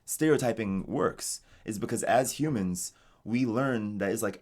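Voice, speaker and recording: An American man in a casual interview, talking in a relaxed, rambling way with lots of "like". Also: fairly low pitch, moderate pace. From United States. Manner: relaxed, rambling, heavy use of "like". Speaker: interviewee, game designer in Japan. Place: home streaming setup.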